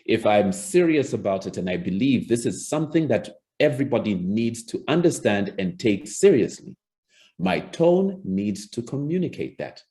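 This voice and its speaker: A public speaking coach gives a recorded presentation lesson, demonstrating by shifting his tone and pace. His mellow, mid-range voice swings widely in pitch at a normal speed.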